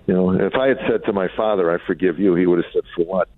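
A man's voice: low voice, fast, dry recording. A middle-aged comedian from Chicago telling wry, candid stories about his family in an interview. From Chicago, USA. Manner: reflective, wry, acts out family quotes. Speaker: comedian and author, guest. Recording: dry phone-line sound.

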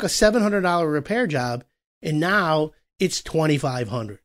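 A man hosting a talk show about home renovation, explaining with animated acted-out dialogue. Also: on the high side, moderate pace. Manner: animated, acts out customer and contractor voices. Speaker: podcast host.

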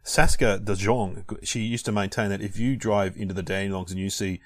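An Australian man from Melbourne in a casual chat, telling lively anecdotes and laughing often. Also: on the low side, a little fast, no room sound, clean studio sound.

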